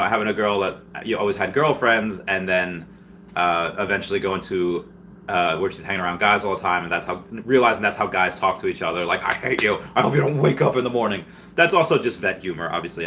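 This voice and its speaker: Deep-voiced rambling male streamer. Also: brisk, a little hiss or hum. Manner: rambling, with many restarts and sudden excited jumps in pitch. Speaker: livestream host answering viewer questions. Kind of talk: casual livestream Q&A.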